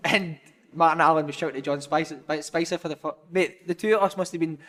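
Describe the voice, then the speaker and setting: A high-pitched man spins footballing anecdotes in a loose, sweary podcast chat. He talks with bursts of energy and keeps throwing in "mate". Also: fast talker. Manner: animated, swearing, lots of "mate". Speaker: former footballer, podcast guest. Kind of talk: casual storytelling chat.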